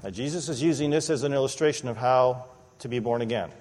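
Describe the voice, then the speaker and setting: A man preaching an expository sermon in a church, animated and conversational, often acting out the people he quotes. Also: mid-range voice, fast. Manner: animated, acts out quoted voices, conversational asides. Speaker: pastor. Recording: long reverb of a large hall.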